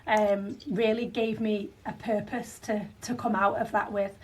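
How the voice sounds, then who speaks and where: A woman's voice: medium pitch, flat delivery, unhurried, a little mellow, slightly rough. Northern English woman, 30s, podcast guest; talkative, full of fillers, slightly distant from the mic. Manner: chatty, many fillers and restarts. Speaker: franchisee guest. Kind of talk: podcast interview.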